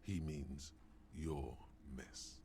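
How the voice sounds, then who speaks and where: A man voicing the dry, sardonic inner-voice narrator of a detective's mind in a video game, with a deep, gravelly voice. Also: fairly even intonation, very slow, mellow, slight background noise, heavily acted. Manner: dry, mocking asides. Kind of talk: game voice acting.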